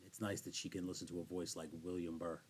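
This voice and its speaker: A man's voice: deep voice, level tone, fast, darkish tone. A man co-hosting a podcast, chatting casually in a rambling, self-deprecating way. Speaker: podcast co-host. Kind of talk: casual chat.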